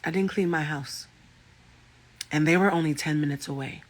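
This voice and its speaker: A man with a thick, raspy voice, a life coach and tarot reader chatting casually with viewers on a livestream and telling stories with freely dropped swear words. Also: a little high, normal speed. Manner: animated storyteller, swears freely.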